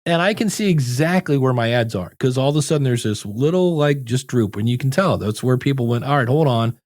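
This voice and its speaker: A man's voice: medium pitch, expressive, brisk, a little mellow, dry recording, studio quality. A man talking casually as a podcast guest who gives advice on shows and ads, acting out little quoted scenes as he talks. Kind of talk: casual interview chat.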